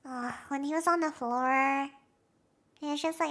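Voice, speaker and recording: A young woman streamer chatting casually with her live audience, giggly and quick to react emotionally. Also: high voice, a bit bright. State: has a headache.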